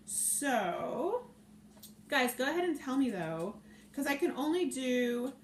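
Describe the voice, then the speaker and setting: A woman's voice: high-pitched, big pitch swings, takes it slowly. Chatty woman cooking live. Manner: chatty and playful, reading out viewer comments. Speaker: cooking show host. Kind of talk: live-stream cooking chat. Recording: echoey room with faint noise.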